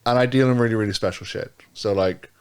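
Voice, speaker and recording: A man's voice: fairly low pitch, quick pace, smooth. Sweary, rambling man chatting as a guest. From Australia. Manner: rambling, sweary, laughs a lot, restarts often. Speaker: podcast guest, car dealer. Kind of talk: casual chat.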